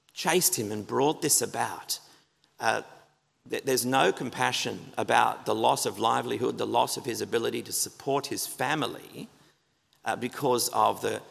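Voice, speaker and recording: A man's voice: medium pitch, gravelly, a bit bright. A man preaching an earnest, emphatic sermon in a church, asking the congregation rhetorical questions. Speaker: pastor. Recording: long reverb of a church hall.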